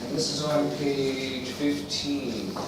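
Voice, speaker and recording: An American man from the eastern United States, teaching an English class and drilling words slowly with repetition. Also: mid-range voice, steady tone, very noisy. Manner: slow, deliberate drilling with repetition. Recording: echoey classroom from far off.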